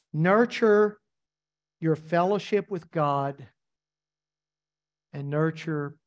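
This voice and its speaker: A man's voice: fairly high pitch, lo-fi sound. A man preaching a sermon as pastor, emphatic and repetitive, asking the congregation rhetorical questions.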